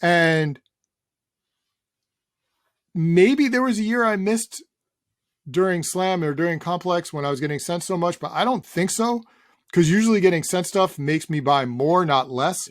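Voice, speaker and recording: A middle-aged man chatting casually as an interview guest, relaxed and rambling, swearing now and then. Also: sits high, measured pace, long pauses, no echo, studio quality. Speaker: guest, sneaker journalist.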